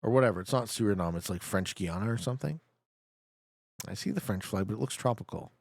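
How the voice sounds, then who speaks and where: A man's voice: lowish voice, fast, gravelly, dry recording. A young man streaming a geography guessing game, joking and talking back to his chat. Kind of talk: casual live gameplay commentary.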